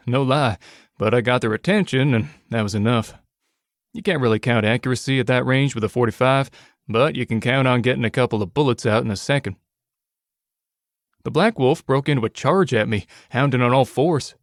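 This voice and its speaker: A man's voice: medium pitch, no echo. Male audiobook narrator, wry casual first-person delivery, dry close mic.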